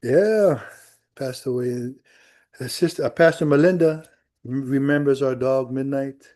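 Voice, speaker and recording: Middle-aged male pastor, warm low-key tone, conversational sermon storytelling in a church. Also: unhurried. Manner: conversational storytelling with quoted dialogue.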